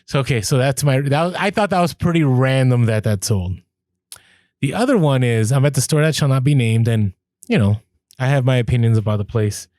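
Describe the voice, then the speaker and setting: A man co-hosting a podcast, telling a story in casual chat, animated, laughing as he goes and acting out what people said. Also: medium pitch, fairly quick, no echo, clean studio sound. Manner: animated, laughs through stories, acts out quoted lines. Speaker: podcast co-host.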